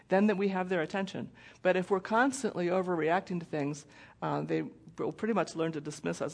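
A middle-aged woman giving a parenting presentation in a conversational way, intense without raising her voice. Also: lowish voice. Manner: conversational, acts out quoted voices. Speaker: parenting speaker. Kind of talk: presentation talk with slides.

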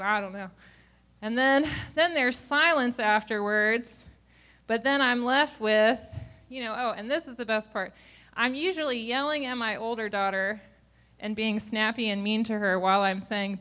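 A woman leads a parenting class, speaking to a group of parents in a live talk. She is open and self-mocking and breaks into easy laughs. Her voice sits slightly higher than usual. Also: normal speed, sharp tone.

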